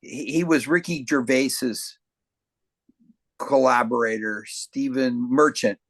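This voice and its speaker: A man's voice: mid-range voice, takes it slowly, creaky, fairly bright tone, dry recording. An older man co-hosting a casual chat, friendly and a bit stumbling with his words. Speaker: podcast co-host.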